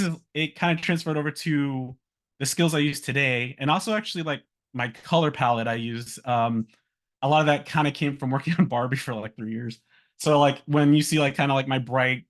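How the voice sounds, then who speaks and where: A man in his thirties, a guest speaker and animator, talking casually about his career, with lots of fillers, restarts and small laughs. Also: mid-range voice. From Virginia, US.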